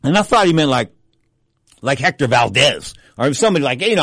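A middle-aged man hosting a boxing talk show, telling rambling stories full of restarts and asides, and jumping up in pitch for emphasis. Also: big pitch swings, fairly quick, fairly bright tone, no room sound, studio quality. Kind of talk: casual anecdotal storytelling.

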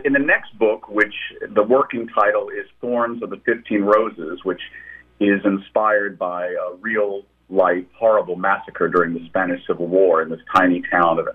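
Over a thin, tinny phone connection, a man with a low, breathy-edged voice talks as a novelist being interviewed. He recounts stories about his books in a reflective way, often starting his thoughts over.

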